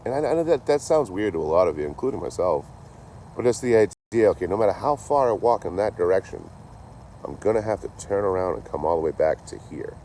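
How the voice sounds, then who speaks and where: Low, mellow man rambling. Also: animated, fast, slight background noise. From Massachusetts. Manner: rambling and profane, full of "you know". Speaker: traveling vlogger. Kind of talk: casual chat.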